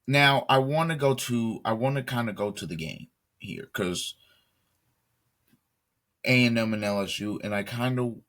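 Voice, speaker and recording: A man's voice: medium pitch, measured pace, pauses often, a bit bright. A man hosting a solo sports commentary show, talking emphatically, repeating himself and restarting sentences as he builds his point. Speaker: sports talk host.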